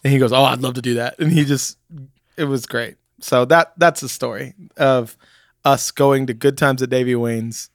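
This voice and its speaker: A man's voice: mid-range voice, fairly even intonation, normal speed, dry recording, studio quality. A man casually telling a long anecdote, rambling with many fillers and restarts.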